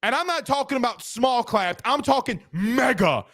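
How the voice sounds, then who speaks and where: A man hosting a casual sports talk show, emphatic and quick, reading viewer comments aloud and ribbing his co-host. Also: extremely high pitch, animated, fairly bright tone, no echo, studio quality.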